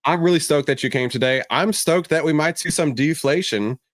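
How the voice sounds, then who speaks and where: A man's voice: a little high, a little fast, no echo. Dry-sounding male finance show host. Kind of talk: casual finance chat.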